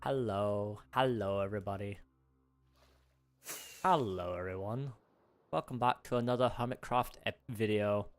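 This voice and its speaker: A man's voice: lowish voice, a little slow, long pauses, clean tone, no echo, faint music behind, natural voice. A man putting on a wobbly British host accent. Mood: chirpy. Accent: attempted British, drifting. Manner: chirpy presenter greeting, wobbly accent. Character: cheery British male video host, adult.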